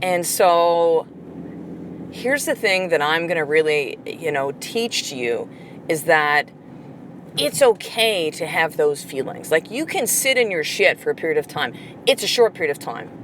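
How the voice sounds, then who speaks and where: A woman's voice: low voice, expressive, measured pace, fairly bright tone, a little hiss or hum. Blunt, profane woman podcast host. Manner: blunt, profane, fired-up coaching talk. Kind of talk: motivational podcast monologue.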